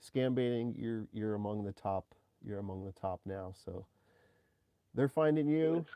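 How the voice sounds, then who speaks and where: A man's voice: on the low side, measured pace, no room sound, highs cut off. A man hosting an interview, asking rambling questions in a casual, chatty way. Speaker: host. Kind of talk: casual chat.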